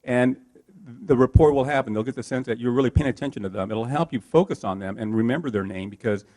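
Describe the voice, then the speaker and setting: Male workshop trainer with a mid-range voice, lively and coaching, talking to a live room. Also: mid-range voice, fast. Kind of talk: live workshop talk to an audience.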